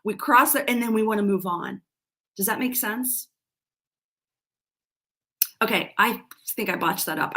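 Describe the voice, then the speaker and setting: A woman's voice: medium pitch, a bit bright. A middle-aged woman giving a live-streamed coaching talk, earnest and self-deprecating, often restarting her sentences. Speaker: life coach.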